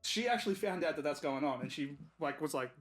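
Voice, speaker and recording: A man's voice: fairly high pitch, lively intonation, fast, faint music behind. A young man co-hosting a podcast, casually retelling a story and checking in with "right?". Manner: conversational retelling with fillers like "right?". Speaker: podcast co-host. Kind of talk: casual chat.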